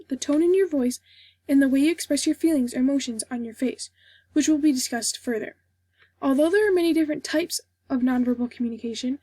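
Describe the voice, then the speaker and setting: High-voiced young woman reading a class speech. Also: no room sound. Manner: steady, formal, reading from a script. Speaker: student giving a class speech. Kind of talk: read informative speech.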